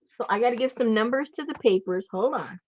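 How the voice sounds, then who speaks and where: A woman's voice: a little high, fairly quick, lo-fi sound. A woman hosting a casual live craft sale, chatty, thinking aloud and laughing easily. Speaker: online shop host. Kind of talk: casual live-stream selling.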